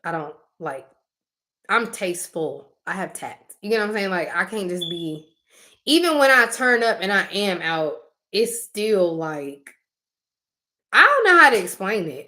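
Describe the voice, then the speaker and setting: A young woman co-hosting a casual talk show, chatting freely. She tells her stories with animation, breaks into laughing asides and acts out what people said. Her voice sits at an ordinary middle pitch for a woman. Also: measured pace. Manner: animated storytelling, acting out quotes; frequent fillers and laughing asides. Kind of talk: casual chat.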